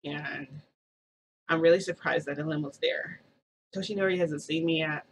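A woman's voice: low voice, steady tone, normal speed, a little hiss or hum, low-quality recording. A woman vlogger telling a story in a rambling, casual way, full of "like" and restarts.

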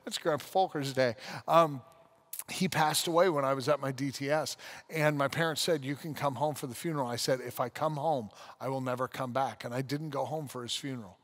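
A man's voice: mid-range voice, brisk, fairly bright tone. A man in his forties, a pastor, telling a personal story in a casual podcast conversation, acting out the scenes as he goes. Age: 40s.

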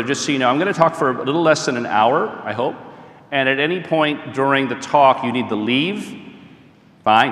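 A man's voice: medium pitch, fairly bright tone. American man lecturing in an echoey hall. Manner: conversational, fillers and frequent "okay?" checks. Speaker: speaker leading a talk on marriage. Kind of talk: informal lecture to a live audience. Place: large hall or church. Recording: echoey hall with long reverb.

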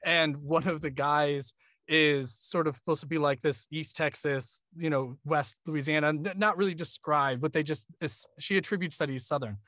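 A man from New York chats on a podcast, joking and swearing freely. His voice sits a bit high. The mic is dry, with no room sound. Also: moderate pace, no room sound. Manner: joking, profane, animated. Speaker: podcast co-host, audiobook narrator. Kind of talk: casual podcast chat.

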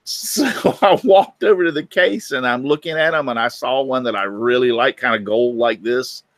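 A man's voice: mid-range voice, moderate pace, dry recording. A middle-aged man, hosting a casual chat and telling folksy stories. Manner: folksy storyteller, acts out voices in anecdotes. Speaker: host.

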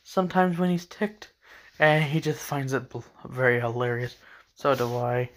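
A man's voice: mid-range voice, little pitch movement, moderate pace. A man casually narrating character lore for his own video, rambling and hesitant with many fillers. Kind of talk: casual lore talk over a speedpaint.

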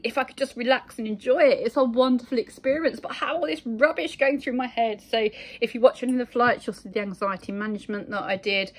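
A middle-aged woman from England talking casually to her phone in a rambling monologue, full of fillers and asides. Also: on the high side. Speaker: vlogger.

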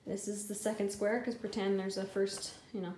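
A woman's voice: medium pitch, level tone, moderate pace, darkish tone. A woman painter talking casually through a how-to, chatty and jokey, thinking aloud as she works through the math. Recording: echoey room with faint ambience.

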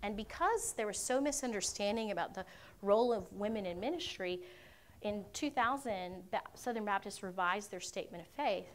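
A woman answers questions at a conference session, talking earnestly and often pausing to check in with her listeners. Her voice sits in an ordinary middle pitch. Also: animated, a bit bright. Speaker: conference speaker. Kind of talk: Q&A teaching talk. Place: university conference room.

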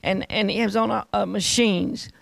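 A woman's voice: mid-range voice, fairly even intonation, moderate pace, vocal fry, no echo, rough recording. A woman preacher telling a testimony in a rambling, fervent sermon that repeats itself.

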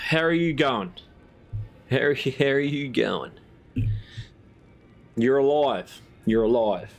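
A man's voice: medium pitch, expressive, takes it slowly, pauses often. A man with a New Zealand accent streaming a game late at night, chatting casually, teasing his viewers and swearing freely. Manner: laid-back, swears freely, teases his chat.

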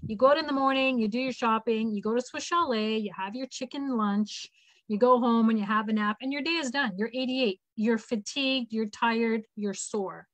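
A woman's voice: fairly high pitch, no echo, poor audio. A woman in her fifties hosting an online information session, telling a personal story in an earnest, heartfelt way and acting out the lines of the people she quotes. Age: 50s. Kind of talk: casual storytelling. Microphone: video call.

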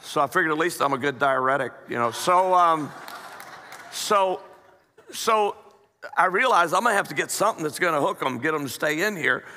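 Man preaching, folksy joke-telling sermon, frequent restarts, bright forceful voice, long church-hall reverb. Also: a little high, expressive, normal speed, slight background noise. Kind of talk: storytelling sermon.

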